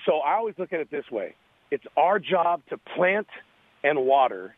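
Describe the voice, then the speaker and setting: A man, a radio interview guest, telling a story in an earnest, animated way over a phone line. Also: a little high, moderate pace, no room sound.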